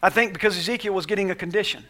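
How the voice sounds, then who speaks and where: A male pastor preaching with a high, bright and forceful voice. He is animated and conversational, and he leads the congregation in call-and-response. His delivery is lively and at times loud. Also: very fast. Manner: animated, conversational, acts out quotes. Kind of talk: sermon.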